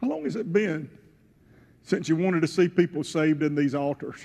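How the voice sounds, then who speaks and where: A pastor preaching a sermon, retelling a scripture story in first person and swelling to loud, emotional peaks. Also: male voice, a little high, lively intonation, moderate pace, vocal fry, slight background noise. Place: church sanctuary. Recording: church hall with long reverb.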